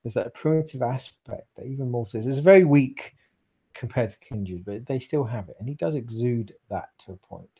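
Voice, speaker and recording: A man narrating a tabletop role-playing game as game master, casual and swearing freely, with quick asides to the players. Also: mid-range voice, warm tone, breathy edge.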